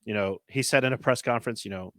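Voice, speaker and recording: Animated rambling man in dry sports chat. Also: mid-range voice, quick pace, dry recording. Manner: animated, rambling, heavy use of filler words. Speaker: podcast host.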